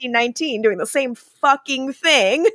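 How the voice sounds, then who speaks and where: A woman's voice: sits high, animated, normal speed, fairly bright tone, dry recording, clean studio sound. A woman co-hosting a podcast, recapping a show in casual chat, swearing and acting out scenes with bursts of laughter. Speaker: podcast co-host.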